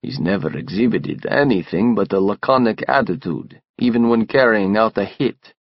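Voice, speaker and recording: A male narrator reads a first-person audiobook in a measured, restrained manner. His voice sits low with a gravelly edge, recorded close and dry with a slightly dull tone. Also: animated, no echo.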